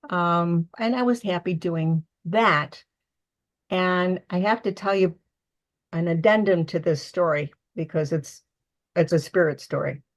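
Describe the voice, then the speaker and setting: An older woman, a medium and author, telling personal stories in a casual interview from her living room, acting out quotes with feeling. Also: fairly low pitch. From United States. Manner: emotional, animated storytelling with acted-out quotes.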